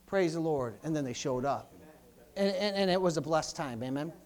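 A man pastor preaching a sermon, building to loud, fervent surges and then dropping low and quiet. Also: animated, moderate pace.

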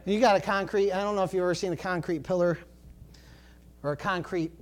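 A male pastor preaching a sermon, swinging from low, quiet emphasis to fervent shouts and often saying praise the Lord. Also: fairly even intonation, brisk. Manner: rising to fervent shouting when stirred, dropping low for emphasis; peppers talk with praise the Lord and glory to God.

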